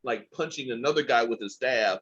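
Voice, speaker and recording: A man co-hosting a podcast, excitable and jumping into mock voices in casual chat. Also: mid-range voice, fairly quick, highs cut off. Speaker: podcast co-host.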